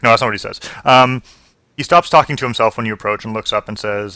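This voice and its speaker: Man running a tabletop game, bright voice. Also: on the low side, fast talker, no room sound. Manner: hesitant, with many fillers and restarts. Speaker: game master.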